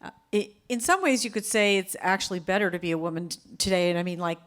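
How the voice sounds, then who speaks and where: A woman's voice: on the low side, fast talker. Woman, interviewer, casual chat, hesitant, restarts her sentences.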